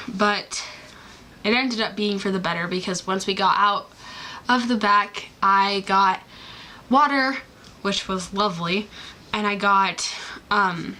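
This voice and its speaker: A woman's voice: medium pitch, moderate pace, pushed and bright, slight background noise, rough recording. A young woman vlogging in a bubbly, rambling way, full of fillers and restarts. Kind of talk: casual chatty vlog.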